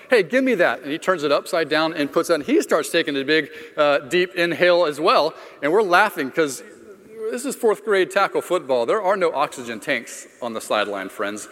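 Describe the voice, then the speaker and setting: Middle-aged male pastor, casual storyteller with jokes at his own expense, slightly high voice, long reverb of a big room. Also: a bit bright. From Florida. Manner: conversational storyteller, self-deprecating humor. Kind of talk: sermon with personal story.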